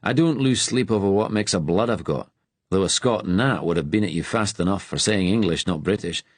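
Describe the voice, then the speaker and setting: A man's voice: sits low, fairly quick, dry recording. A man voicing Ben, a wry, joking Glaswegian resistance man with a Glasgow accent, read in a storybook audiobook. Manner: light, teasing.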